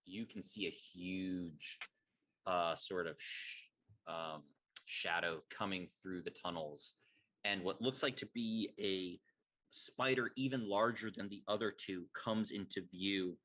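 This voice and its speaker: Man, game master, lowish pitch, bright tone, hesitant fillers. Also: takes it slowly. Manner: descriptive with frequent fillers. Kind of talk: narrating a tabletop game.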